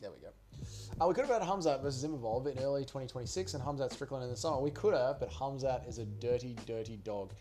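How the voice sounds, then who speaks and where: A man's voice: medium pitch, quick pace, warm tone, soft background music. A man hosting a casual livestream watch party, tipsy and rambling loosely with plenty of swearing. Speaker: livestream host.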